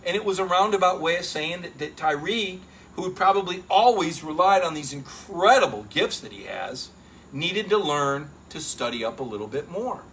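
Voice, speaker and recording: A middle-aged man hosting a casual sports talk show, animated and emphatic, often turning to listeners with "right?". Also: a little high, normal speed, a little hiss or hum. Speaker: sports reporter and show host.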